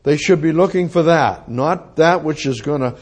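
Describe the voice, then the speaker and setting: A man's voice: fairly high pitch, normal speed, darkish tone, breathy edge. A man preaching, teaching verse by verse through a Bible passage, reading scripture aloud and repeating his points to drive them home.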